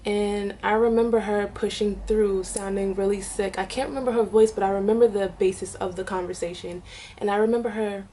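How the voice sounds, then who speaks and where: Young woman vlogger, tearful, halting storytelling, medium pitch, slight background hiss. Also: steady tone, warm tone. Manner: halting, many fillers and restarts. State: tearful, crying at times. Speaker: vlogger, mother. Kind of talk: personal storytelling to camera.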